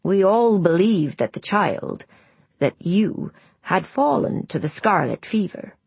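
A woman voicing a gruff elderly village man who talks bluntly and slowly around his pipe. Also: mid-range voice, expressive, a little mellow, no room sound, heavily acted. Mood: bitter. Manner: blunt, clipped, grumbling.

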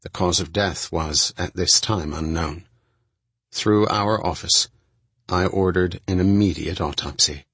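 A man narrating a first-person true-crime audiobook in a steady, measured reading. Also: low-pitched, slightly rough, no room sound.

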